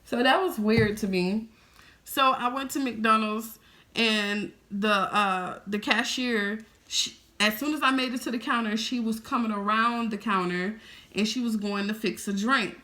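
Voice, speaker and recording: Animated, bright-voiced woman vlogger. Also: on the high side, unhurried. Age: 30s. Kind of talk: casual storytelling to viewers.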